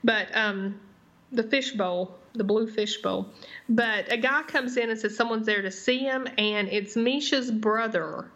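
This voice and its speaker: A woman's voice: fairly high pitch, measured pace, a bit bright. A woman co-hosting a casual TV recap podcast, talking in a hesitant way with lots of "I mean" and "I don't know". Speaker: podcast co-host. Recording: dull lo-fi podcast audio.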